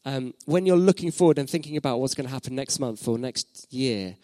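A man's voice: medium pitch, a little fast, dark tone, dry recording. A man in his thirties preaching a sermon as pastor, reflective, asking his listeners questions and repeating phrases for emphasis.

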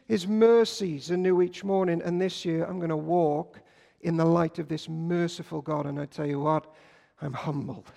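A man preaching a sermon, telling stories and swinging between loud bursts and hushed lines. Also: sits high, creaky. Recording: long hall reverb.

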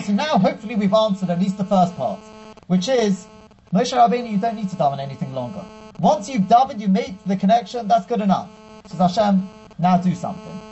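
Rabbi-teacher, man, high mellow voice, animated storyteller, slightly lo-fi. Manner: animated storyteller who acts out quotes. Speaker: rabbi giving a Torah class. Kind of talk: storytelling sermon. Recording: dull with faint mains hum.

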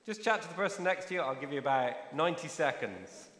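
A man's voice: fairly high pitch, expressive, brisk, big-room sound, a little hiss or hum. A male pastor preaching a sermon in a conversational way, with frequent restarts. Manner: conversational preaching with restarts, drops soft to pray.

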